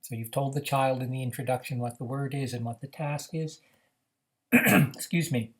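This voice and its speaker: A man teaching how to run a reading activity, explaining in a measured way with frequent "uh" fillers. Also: mid-range voice, a bit bright. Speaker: reading program instructor. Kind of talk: instructional demonstration.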